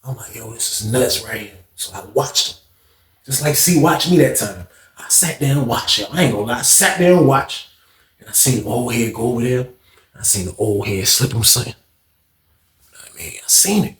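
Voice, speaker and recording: A man's voice: mid-range voice, quick pace. A man telling a story in casual, slang-heavy talk, acting out the scenes with sound effects and swearing freely. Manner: animated, acts out scenes with sound effects and voices. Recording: roomy echo.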